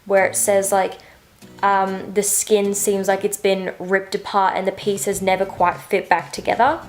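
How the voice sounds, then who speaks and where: Chatty woman with a gravelly voice. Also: medium pitch. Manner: chatty and rambling, full of "like" fillers. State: just woken up. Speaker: book vlogger. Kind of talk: casual reading update.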